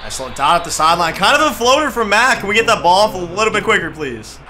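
A young man giving excitable, trash-talking commentary over a football video game he is playing. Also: sits high, fast, slight background noise. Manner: excitable, trash-talking, shouts at big plays. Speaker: gaming YouTuber. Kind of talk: gameplay commentary.

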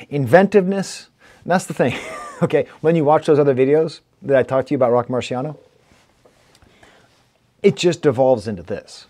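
A man with a Rochester, New York accent reviewing a rap album in casual talk, playful and animated as he recites and picks apart rhymes. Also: medium pitch, moderate pace, long pauses. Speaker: music reviewer.

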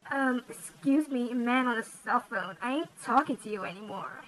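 A man's voice: very high voice, normal speed, a bit bright, pitched above the performer's own voice, low-quality recording. A young man voicing an airheaded teenage girl caller with a valley-girl drawl. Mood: ditzy.

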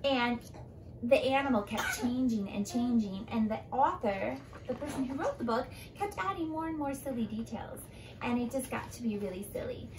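A woman teacher reading a picture book aloud to children and explaining it in a lively way. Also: on the high side, normal speed, background noise. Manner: animated, explaining to kids.

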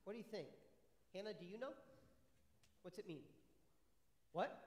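A man's voice: high-pitched, very animated, measured pace, long pauses, pushed and bright. A male pastor giving a friendly children's sermon, asking the kids one question after another in an upbeat way. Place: church sanctuary. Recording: echoey church hall with long reverb.

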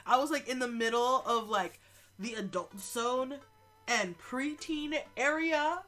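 A woman's voice: a little high, takes it slowly. A sick, stuffed-up young woman streaming a game live, joking and swearing as she talks. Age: young adult. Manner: animated, joking, swears a lot. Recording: faint game music behind.

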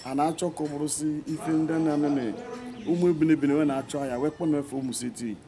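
A man explaining a community training program in an unhurried manner, mixing Igbo with English. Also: on the high side, fairly even intonation, a crowd in the background. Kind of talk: community speech.

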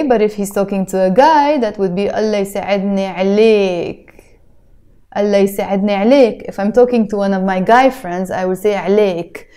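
A woman with a Lebanese accent teaching a spoken language lesson, explaining slowly and carefully and modeling each phrase with exaggerated pronunciation. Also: medium pitch, warm tone.

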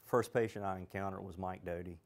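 A man, an emergency medic, recalling treating patients in a halting way with many fillers in a documentary interview. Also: low-pitched, fairly even intonation.

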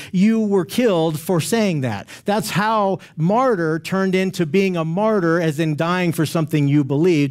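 A man with a fairly high voice teaching a verse-by-verse Bible lesson. He explains slowly and carefully, and he often rephrases and repeats himself to drive a point home. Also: a little mellow.

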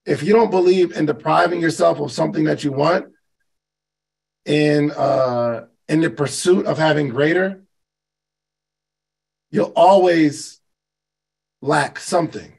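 A man with a fairly high, gravelly voice gives a motivational talk to a live call audience. He speaks conversationally, asks his listeners questions and repeats himself for emphasis. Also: a little slow, pauses often, darkish tone, low-quality recording. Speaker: host and business coach.

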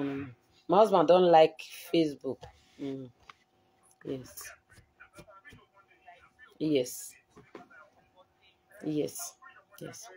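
Nigerian Pidgin-accented woman, husky and unhurried, defensive live-stream chat. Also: deep voice, mellow. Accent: Nigerian Pidgin English. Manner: defensive, aggrieved, replying to viewers. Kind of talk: emotional live-stream talk.

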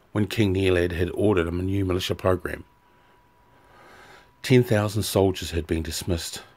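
Man, deep voice, fantasy audiobook narrator, measured, even.

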